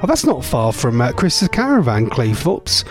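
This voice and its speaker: A man presenting a casual radio show, rambling and chatty, his voice going a bit hoarse. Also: mid-range voice, huge pitch swings, normal speed, faint music behind. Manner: rambling, chatty, laughs often.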